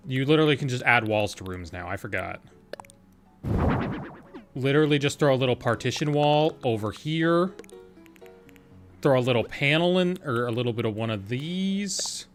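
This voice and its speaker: A man's voice: medium pitch, lively intonation, measured pace, pauses often, faint music behind. A man casually commenting on his gameplay, thinking aloud in a chatty, playful way and answering his chat. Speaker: game streamer.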